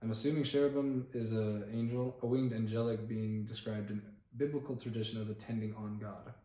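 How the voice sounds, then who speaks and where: A man reading a Bible chapter aloud on camera, pausing now and then to look up words and comment in a casual way. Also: on the low side, steady tone, warm tone. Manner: reads aloud with plain emphasis, stops to look up words and comment. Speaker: Bible reader and channel host. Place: indoor room, filmed on camera. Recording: echoey room.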